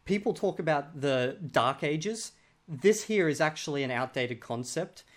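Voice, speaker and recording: 男主播，语气讥讽，声音偏高. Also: male voice, on the high side, a little slow. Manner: sarcastic, animated, mocking. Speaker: host reviewing a video. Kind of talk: reaction commentary.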